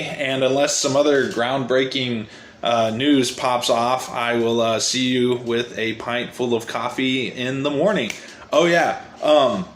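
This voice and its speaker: A man's voice: medium pitch, reverberant, a little hiss or hum. A man giving casual stock market commentary for his channel, sarcastic and getting fired up, often tagging his sentences with "okay?". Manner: animated, sarcastic, ranting with frequent "okay?".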